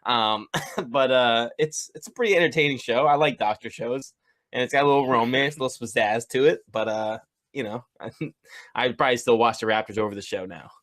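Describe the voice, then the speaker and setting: A man's voice: mid-range voice, fairly quick, a bit bright. Giggly man co-hosting a podcast. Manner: giggly, keeps breaking into laughter. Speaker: podcast co-host. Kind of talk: casual podcast chat.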